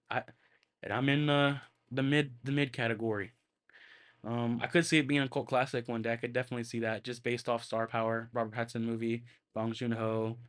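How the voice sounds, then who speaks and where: A man hosting his own podcast, giving a casual movie review in a rambling way with lots of filler words and free swearing. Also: medium pitch. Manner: rambling, full of fillers and restarts, swears freely. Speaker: podcast host and film reviewer.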